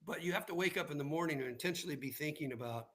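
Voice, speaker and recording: A man's voice: on the high side, very fast, a bit bright. A man who is a guest on a live show, casually telling personal stories and often checking in with "right?". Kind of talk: casual storytelling in conversation.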